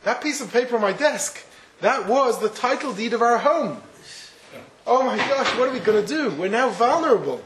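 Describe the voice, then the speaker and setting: A man's voice: very high voice, expressive, moderate pace, fairly bright tone, roomy sound, pitched above the performer's own voice, low-quality recording. A man voicing a distraught father who repeats himself in growing alarm. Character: distraught father fearing for the home.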